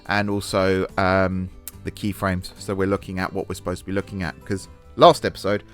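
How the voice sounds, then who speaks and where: This is a man with a fairly low voice hosting a casual building-game let's-play. He chats and plans out loud as he works. He shrugs off his own blunders with easygoing humor. Soft background music sits under his talk. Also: little pitch movement, normal speed. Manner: chatty, thinking aloud while building; self-deprecating about mistakes. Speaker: gaming channel host.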